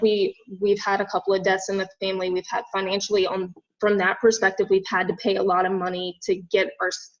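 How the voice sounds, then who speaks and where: A woman's voice: medium pitch, dull audio. A young woman from the American South who coaches fitness and nutrition. She gives a heartfelt, rambling personal testimony at an info session, full of "like" and "literally.". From Southern United States.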